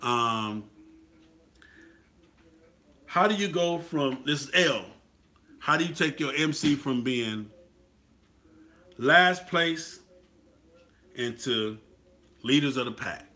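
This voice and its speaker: A man's voice: mid-range voice, animated, slow, long pauses, bright, forceful tone. A man giving a casual motivational talk about motorcycle clubs, preachy and repetitive, often checking in with the listener. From Atlanta, US. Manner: preachy, repetitive, asks "you feel what I'm saying?". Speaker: motorcycle club talk host.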